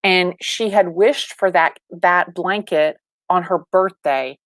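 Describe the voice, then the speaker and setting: A woman in her forties tells stories over a video call, acting out every line of dialogue with lots of restarts. Her voice sits low for a woman, and the sound is close and dry with no room around it. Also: slow, no echo. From Atlanta, Georgia. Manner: animated storyteller, acts out quoted dialogue, many restarts. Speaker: real estate agent, guest. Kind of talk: livestream interview storytelling.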